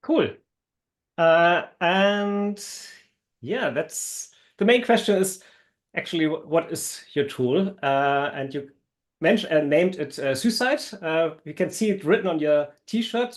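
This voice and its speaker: A man co-hosting a podcast, asking his guest questions in a curious, slightly hesitant way. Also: a little high. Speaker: podcast co-host. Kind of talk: casual interview questions.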